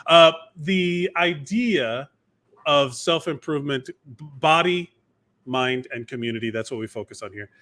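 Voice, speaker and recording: Bright-voiced rambling man. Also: fairly high pitch, a little slow. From Miami, USA. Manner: rambling, lots of fillers and restarts. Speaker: podcast co-host. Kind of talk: casual chat.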